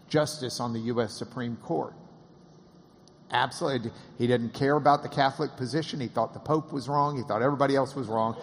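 A man with a drawl tells a story with lively delivery, slipping into the voices of the people he quotes. His voice sits at an average pitch. The sound rings with a long hall reverb. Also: gravelly. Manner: animated, acts out quoted voices, laughs often. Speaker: interviewer and storyteller. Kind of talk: casual anecdotal storytelling.

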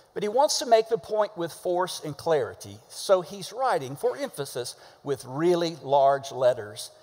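A pastor preaching a sermon, animated and conversational, asking the congregation to repeat words with him and punching key words hard. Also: male voice, fairly high pitch, big-room sound. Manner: animated, with sudden shouted emphasis and call-and-response.

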